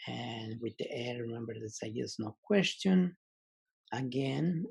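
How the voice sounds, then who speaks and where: A man teaching a language lesson online, slowly repeating example words and pausing with many fillers. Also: medium pitch, gravelly, a little mellow, slightly rough.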